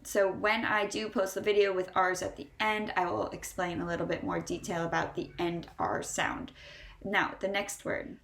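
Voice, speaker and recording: A woman with a Northeastern American accent teaching English pronunciation, sounding out model words slowly and repeating each one. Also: medium pitch, a bit bright, reverberant. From Northeastern United States. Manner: slow, drawn-out model words repeated three times. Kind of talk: pronunciation lesson.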